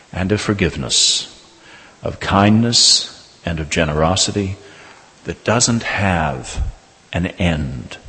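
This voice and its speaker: A man, a Catholic priest, preaching a sermon and telling a personal story in a measured way, slowing down for emphasis. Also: low-pitched, sharp tone. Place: church. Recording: reverberant church hall.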